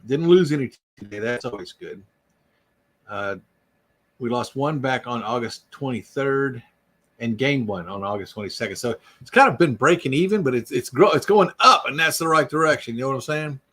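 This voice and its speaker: A man's voice: medium pitch, animated, normal speed, a bit bright. A man hosting an unscripted livestream, rambling and joking as he greets viewers by name. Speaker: YouTube livestream host. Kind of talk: casual unscripted live chat.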